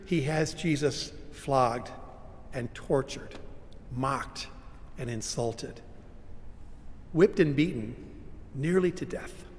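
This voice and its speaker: A male pastor preaching a sermon with dramatic, emphatic, slowly weighted phrasing. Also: mid-range voice, big-room sound, slight background noise. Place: church sanctuary.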